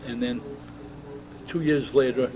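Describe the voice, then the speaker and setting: Halting elderly veteran man. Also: medium pitch, fairly even intonation, music in the background. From United States. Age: 80s. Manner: halting, many uh's and restarts. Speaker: veteran interviewee. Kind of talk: oral history interview. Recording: noisy background.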